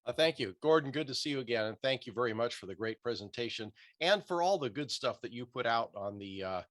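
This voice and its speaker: A man's voice: medium pitch, lively intonation, fast, a bit bright. A man on a video call who offers earnest, eager advice. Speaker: call participant. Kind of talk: Zoom meeting comment.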